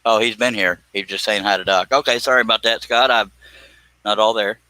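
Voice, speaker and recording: Scroll sawing on his woodworking live stream, this male host speaks a little fast in a lowish, steady, sharp voice. He jokes around, drifts off topic, and slips into silly voices. The audio is rough, with no room sound.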